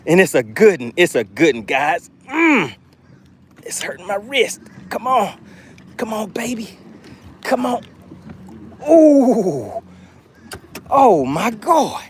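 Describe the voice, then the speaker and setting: A man hosting a live fishing stream from a boat outdoors, excitably narrating his catch and reading chat aloud. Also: sits high, slow pace, long pauses, slight background noise. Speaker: fishing livestream host.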